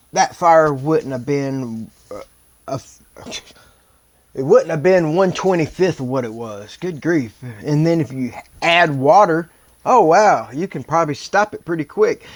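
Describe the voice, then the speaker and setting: Indignant rambling reaction host. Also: male voice, on the high side, dry recording. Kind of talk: casual reaction commentary.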